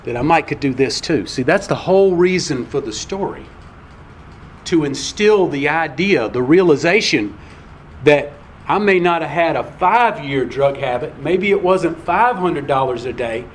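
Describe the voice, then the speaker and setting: A man's voice: fairly high pitch, a little hiss or hum. A man giving a personal share at a recovery meeting in a folksy, conversational storytelling way.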